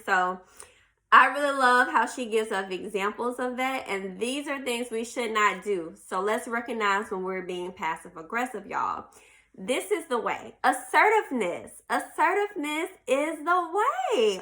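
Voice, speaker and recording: A woman's voice: medium pitch, sharp tone. A woman hosts a podcast in a casual chat, reading passages from a self-help book aloud and talking to listeners as y'all. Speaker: podcast host.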